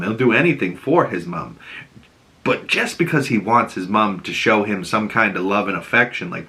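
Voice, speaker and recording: A man with a Boston accent giving a casual, animated episode recap, acting out the characters' lines. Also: on the low side. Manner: animated, acts out characters' lines in raised voices. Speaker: TV show reviewer.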